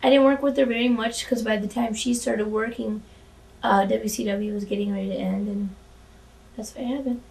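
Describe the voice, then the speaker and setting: A woman's voice: on the high side, fairly even intonation, normal speed, gravelly, darkish tone, recorded from a distance. A woman guest in a casual interview, chatty and candid, often restarting her sentences and swearing freely. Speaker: former wrestling valet, interview guest.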